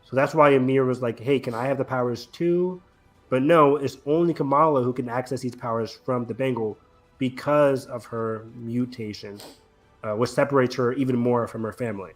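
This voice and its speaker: A man's voice: medium pitch, fairly even intonation, moderate pace, faint music behind. A man hosting a casual podcast chat, talking eagerly with many fillers. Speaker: podcast host.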